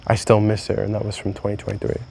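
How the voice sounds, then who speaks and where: Candid young man, slightly low voice. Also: monotone, fast, creaky, warm tone, a little hiss or hum. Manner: candid, rambling, swears freely. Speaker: vlogger. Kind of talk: casual confessional monologue.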